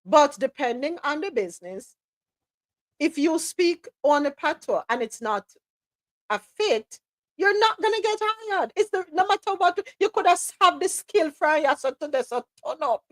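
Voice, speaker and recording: A Jamaican woman hosting a live talk show, her voice pitched a little high. She speaks emphatically and with strong opinions, dropping into patois at times. Her voice sits close and dry, with no room echo. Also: animated, normal speed. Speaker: podcast host. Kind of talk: live news-talk podcast commentary.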